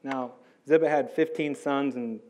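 A man's voice: medium pitch, steady tone, a little slow, a little mellow. An American man giving a casual Bible teaching, talking informally with many "like"s and "right?"s. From United States. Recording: dull lo-fi sound.

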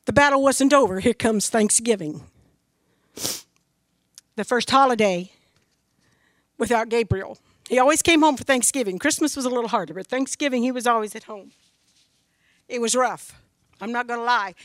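A woman's voice: fairly high pitch, moderate pace, pauses often, no room sound, clean studio sound. A middle-aged woman from Missouri giving an earnest, emphatic spoken testimony about her faith as a grieving mother.

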